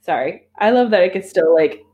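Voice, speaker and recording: A woman's voice: on the low side, expressive, moderate pace, dull audio. A young woman co-hosting a podcast, telling rambling stories full of tangents. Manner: rambling, tangent-prone storytelling. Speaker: podcast co-host. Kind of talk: casual chat.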